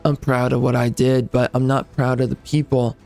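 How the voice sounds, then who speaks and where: A man's voice: medium pitch, level tone, normal speed, creaky, a little mellow, faint music behind. A man who hosts a gaming channel, delivering a bitter, profane rant at his viewers. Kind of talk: angry rant to the audience.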